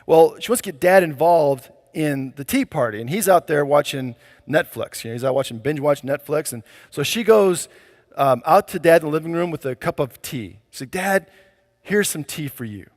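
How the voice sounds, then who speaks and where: A pastor delivers his sermon in a relaxed, conversational way, with plenty of casual fillers. His voice sits a little high for a man. A long reverb hangs after each phrase. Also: fairly quick.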